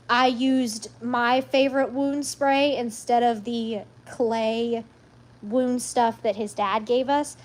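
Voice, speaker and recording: High-voiced chatty woman. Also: darkish tone. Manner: rambling, chatty, sassy asides. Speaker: live stream host. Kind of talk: casual live chat.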